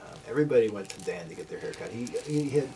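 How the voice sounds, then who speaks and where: Telling a group an affectionate story from his boyhood, an older man speaks fast in an expressive, gravelly, mid-range voice, stumbling through fillers and restarts in a casual, personal way. Faint room noise surrounds the distantly miked recording.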